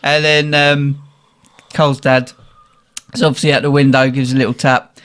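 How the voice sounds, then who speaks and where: A man telling an animated story on a podcast, laughing often and swearing freely as he talks. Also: medium pitch, normal speed. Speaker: podcast host. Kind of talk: casual storytelling chat.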